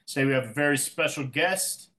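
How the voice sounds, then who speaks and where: A man's voice: medium pitch, fairly quick, sharp tone. A man hosting a recovery podcast, opening the show and guiding a guest in a friendly, informal way. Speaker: podcast host.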